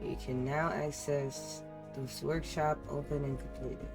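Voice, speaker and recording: A woman's voice: low-pitched, flat delivery, measured pace, over loud music. A woman streaming a game, giving playful, casual commentary and reading the on-screen text aloud. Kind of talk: casual let's-play commentary.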